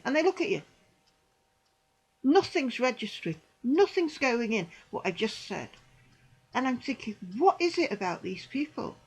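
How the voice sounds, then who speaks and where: A middle-aged woman vlogger recounts her church experiences in an indignant, emphatic personal testimony, repeating phrases for emphasis. Her high, very animated voice has a breathy edge, moves at a moderate pace with frequent pauses, and the audio is poor.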